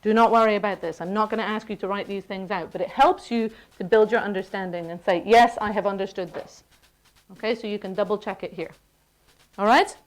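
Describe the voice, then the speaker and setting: A woman lecturing a university class in a lively, playful way, often checking in with the students. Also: medium pitch, fast.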